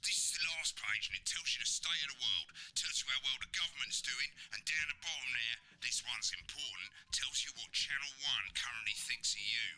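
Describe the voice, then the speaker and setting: A man's voice: medium pitch, brisk, hardly any pauses, natural voice, low-quality recording. An actor playing a brusque adult male broadcast supervisor in a video game, swearing casually and talking down to the listener. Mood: blunt. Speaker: game character.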